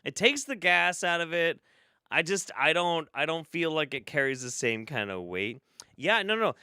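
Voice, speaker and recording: A man's voice: a little high, very animated, moderate pace, bright, forceful tone, smooth, dry recording, clean studio sound. A man hosting a live stream, casually reacting to clips with laughter, swearing and rambling asides. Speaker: streamer host.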